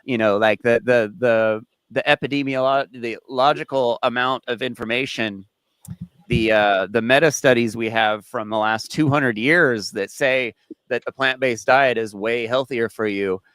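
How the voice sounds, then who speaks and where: A man hosting a casual podcast, telling stories in a rambling, animated way with frequent restarts and swearing. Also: medium pitch, unhurried, clean tone, no room sound. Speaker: podcast host.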